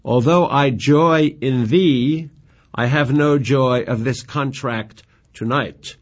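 A man reading Juliet, an earnest young woman in love, in slow tender verse recitation. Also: medium pitch.

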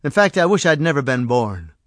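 A man voicing a frustrated young bank clerk who talks loudly and bitterly. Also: medium pitch, sing-song, brisk, no room sound, studio quality, lightly acted. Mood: despairing. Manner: loud, bitter and scoffing.

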